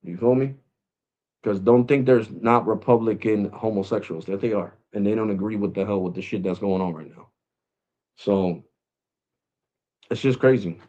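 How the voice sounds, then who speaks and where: A man's voice: lowish voice, moderate pace, long pauses, mellow, dull audio. A man vlogging, ranting to his viewers in a blunt, mocking way. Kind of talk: opinion rant to camera.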